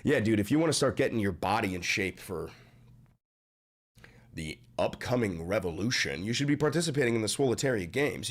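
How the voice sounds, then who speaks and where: A man hosting a political livestream, ranting loudly in a profane, mocking and combative way. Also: fairly low pitch, animated, fairly quick. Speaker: livestream host.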